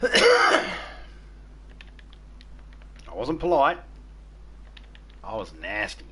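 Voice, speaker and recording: Foul-mouthed Australian man with bright voice. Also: medium pitch, huge pitch swings, drawn-out words, husky. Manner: crude, swears heavily, tells stories. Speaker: game streamer. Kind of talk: casual chat while gaming.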